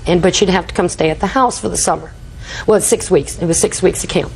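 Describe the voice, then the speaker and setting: A woman's voice: lowish voice, quick pace, gravelly, a little mellow, husky, poor audio. An older woman testifying in a TV courtroom, telling a rambling story and acting out quoted dialogue. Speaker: litigant.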